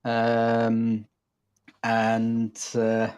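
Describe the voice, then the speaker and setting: A middle-aged man co-hosting a casual business chat from an office, halting and repeating words, with a dry sense of humor. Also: medium pitch, monotone, darkish tone, clean tone. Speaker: co-host, business trainer. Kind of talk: casual live-stream chat.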